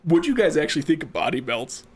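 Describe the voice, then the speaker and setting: A young man hosting a casual podcast chat, joking and animated. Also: fairly high pitch, fast. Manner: joking, animated, slips into a mock Australian accent. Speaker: podcast host.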